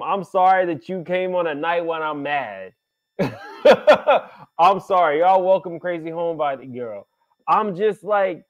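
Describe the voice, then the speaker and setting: Sassy man ranting on tinny audio. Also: fairly high pitch. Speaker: podcast host reviewing a reality show. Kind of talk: casual recap commentary.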